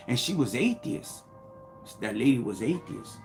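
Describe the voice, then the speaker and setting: A middle-aged man telling a personal story casually on a live stream, animated and slang-heavy, acting out what people said. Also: mid-range voice, a little slow, soft background music.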